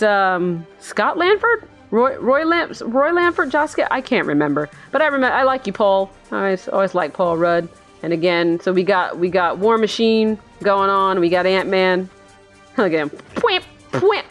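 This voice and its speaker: A tired woman hosting a sleepy bedtime reaction, rambling and giggling through meandering musings. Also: fairly low pitch. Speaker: channel host.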